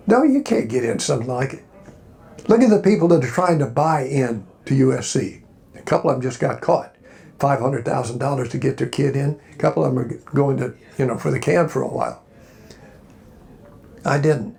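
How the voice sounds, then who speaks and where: A man's voice: medium pitch, brisk, creaky, darkish tone. An older man from Alabama, a convention panel guest telling rambling, folksy stories and encouraging the crowd. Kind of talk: storytelling Q&A. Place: hotel convention panel room.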